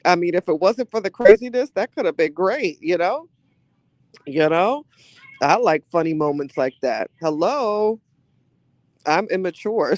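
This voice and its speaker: A gossipy, chatty male host with a voice a touch higher than most men's. He reads out viewer comments and answers them with quick, slangy reactions and frequent laughs. The sound is dry and close, with little room echo. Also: expressive. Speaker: podcast host reading live chat. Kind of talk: casual live-stream chat.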